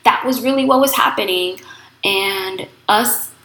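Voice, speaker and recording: A woman's voice: mid-range voice, a little slow, pushed and bright, a little hiss or hum. A woman in her thirties, the wife of a pastor, gives a heartfelt personal faith testimony in a conversational way while sitting on a kitchen floor at home. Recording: echoey room in a sparsely furnished home.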